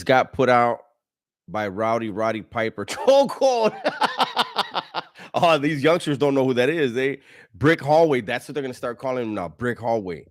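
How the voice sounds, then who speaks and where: A man hosting a casual livestream, reading chat messages in a slangy way, laughing often and stumbling over his words. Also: medium pitch.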